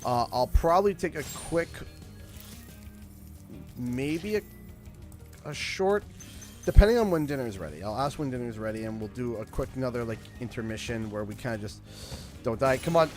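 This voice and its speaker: A man from Canada chatting casually and rambling while playing a video game on a live stream, now and then breaking into sudden loud shouts. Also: medium pitch, moderate pace, pauses often, soft background music.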